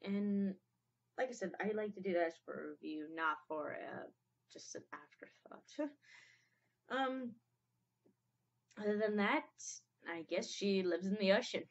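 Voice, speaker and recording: Young woman reacting to a show, slow halting emotional talk, kinda muffled lo-fi sound. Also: mid-range voice, animated. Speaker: reaction video host. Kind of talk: casual reaction commentary. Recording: dull lo-fi home recording.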